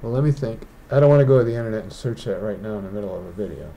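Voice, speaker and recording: A man's voice: fairly low pitch, fairly even intonation, racing, warm tone, slight background noise. A man who is a digital artist, rambling and thinking aloud as he walks through a casual painting tutorial indoors. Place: indoors, rain outside.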